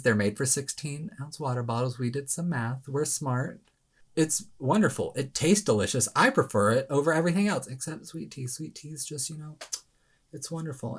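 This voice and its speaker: A man giving casual weight-loss advice straight to camera, animated and self-mocking, with sudden dramatic jumps in pitch.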